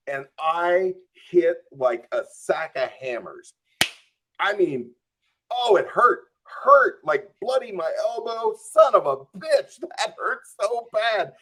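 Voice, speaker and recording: A man guest on a podcast telling a long anecdote, acting out his own thoughts and peppering it with "like.". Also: on the high side. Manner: animated, acts out his own quoted thoughts; frequent "like" and "I'm just like" fillers.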